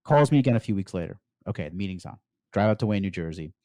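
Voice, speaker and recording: A middle-aged man from the United States, a podcast guest recounting his story in an animated way and often saying "like". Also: deep voice, rapid-fire, no echo, clean studio sound. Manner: animated storyteller, peppers speech with "like". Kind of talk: storytelling interview.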